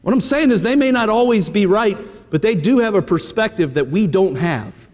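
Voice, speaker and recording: A man's voice: sits high, animated, normal speed, darkish tone. A middle-aged male pastor preaching a sermon in a conversational, direct way to his congregation in a church. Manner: conversational preaching, repeating "hey" and direct address. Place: church sanctuary. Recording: long reverb of a church hall.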